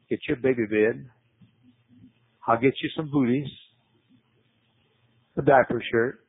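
Gravelly preacher on tinny radio. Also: male voice, fairly even intonation, a little slow, long pauses, no room sound. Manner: emphatic, repetitive, pitch climbing on key words. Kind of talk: sermon. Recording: tinny phone-like radio broadcast.

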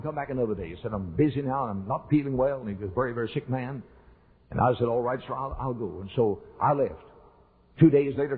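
An older man, preaching a sermon as a pastor and telling a story earnestly, repeating lines and rising in emphasis. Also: mid-range voice. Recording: husky voice over a tinny, phone-like recording.

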